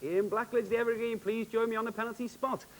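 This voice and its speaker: A man hosting a televised quiz, with upbeat, jokey, quick quizmaster delivery. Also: very high-pitched, fairly even intonation, slight background noise, low-quality recording. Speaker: quiz show host.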